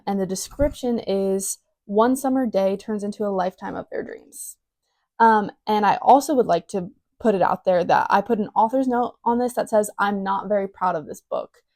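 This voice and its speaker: A woman's voice: medium pitch, a little mellow, no echo. Wry young woman podcaster. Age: young adult. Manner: wry, teasing self-mockery; filler-heavy, loose delivery. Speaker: podcast host. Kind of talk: casual reading with commentary.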